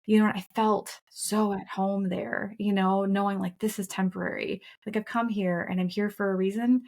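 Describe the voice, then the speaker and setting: A woman's voice: mid-range voice, little pitch movement, normal speed, darkish tone. A middle-aged woman co-hosting a casual podcast conversation, speaking in an earnest, reflective and candid way, with some profanity. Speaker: podcast co-host.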